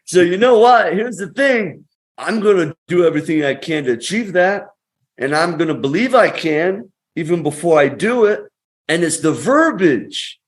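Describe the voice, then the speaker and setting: A man with a fairly high voice tells a story as a podcast guest. He pushes his points hard and fast, with punchy motivational phrasing that swings up and down. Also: animated, a bit bright. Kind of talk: conversational storytelling.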